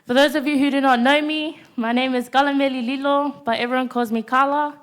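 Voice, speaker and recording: A teenage girl with a high voice preaches to a youth congregation in a church. She delivers her sermon in short, declared points and pauses after nearly every one to ask "Amen?" as call-and-response. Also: fairly even intonation. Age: teens.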